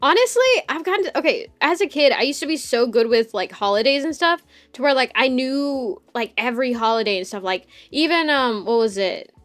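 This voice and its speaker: Chatty high-voiced woman streamer. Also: animated, brisk, hardly any pauses, a bit bright, soft background music. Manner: chatty, giggly, swears freely, jumps between topics. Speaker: streamer host. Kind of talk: casual live-stream chat.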